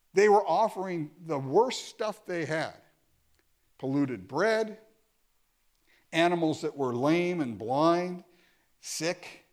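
Animated male preacher, lively pitch. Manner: animated, reads scripture aloud then explains it with sarcastic asides. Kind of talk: sermon.

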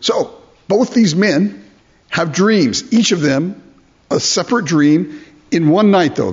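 Husky guy preaching, reads scripture then explains it, lots of "isn't it?" questions, kinda muffled lo-fi recording. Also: mid-range voice, a little mellow. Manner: expository preaching, rhetorical questions, quoting scripture. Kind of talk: sermon. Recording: dull lo-fi sermon recording.

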